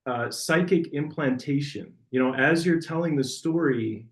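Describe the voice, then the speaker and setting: A man's voice: a little high, unhurried, reverberant. A man hosting an interview as a dating coach, talking loosely with fillers and restarts. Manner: loose, searching phrasing with filler words. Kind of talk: casual interview chat.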